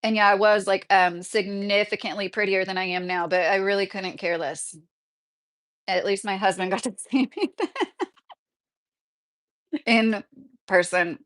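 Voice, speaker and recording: A woman's voice: mid-range voice, steady tone, measured pace, long pauses, fairly bright tone. A woman in her thirties talks casually on her own livestream. She reads viewer comments aloud, rambles, and laughs often as she goes. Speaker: YouTube livestream host.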